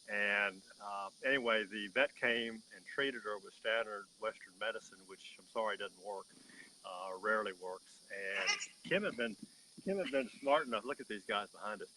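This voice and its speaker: A man's voice: fairly low pitch, pushed and bright, a little hiss or hum, low-quality recording. A man, a horse breeder, telling a story in an emphatic, folksy way during an interview.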